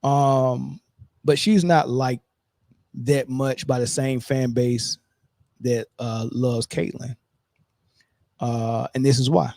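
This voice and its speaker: Male podcast host, emphatic and repetitive, mellow tone, dry close sound. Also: mid-range voice, steady tone, slow pace, creaky, long pauses, no echo. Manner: emphatic, repeats himself, keeps asking "right?". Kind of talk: casual commentary.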